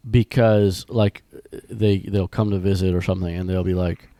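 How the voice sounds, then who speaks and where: A man co-hosting a ministry podcast in casual chat, talking in loose, restarting sentences while his voice is rough from being sick. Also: low voice, steady tone, moderate pace, warm tone, dry recording. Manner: rambling, many restarts and fillers. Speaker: podcast co-host.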